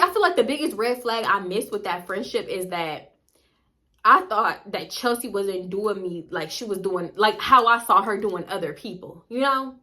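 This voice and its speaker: A young woman vlogger telling a story in blunt, profane, animated casual chat. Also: mid-range voice.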